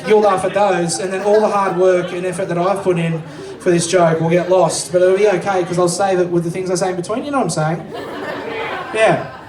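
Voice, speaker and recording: A man's voice: high-pitched, steady tone, quick pace, a crowd in the background. An Australian man doing a live stand-up comedy set, rambling into asides and swearing freely. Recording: roomy distant live recording, faint ambience.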